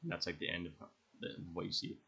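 A man's voice: sits low, big pitch swings, fast talker, vocal fry, sharp tone, slightly rough, dull audio. A young man hosting a podcast, rambling enthusiastically through his favorite movies and swearing freely. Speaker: podcast host. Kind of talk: casual movie ranking monologue.

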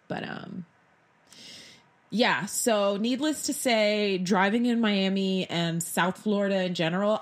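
A young adult woman telling a dramatic personal story as a casual vlog, acting out the quotes as she goes. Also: mid-range voice. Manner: animated, dramatic retelling with acted-out quotes. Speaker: vlogger.

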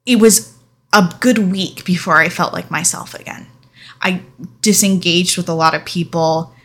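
A woman's voice: lowish voice, fairly bright tone. A young adult woman telling a personal story in a candid, emotional vlog, speaking frankly and sometimes swearing. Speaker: vlogger.

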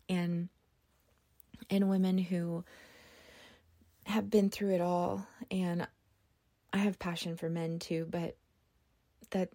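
Middle-aged woman host, earnest confessional podcast delivery, low gravelly warm voice, flat even intonation, dry close sound. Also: no room sound. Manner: earnest, emotional, with many restarts. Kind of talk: personal testimony podcast.

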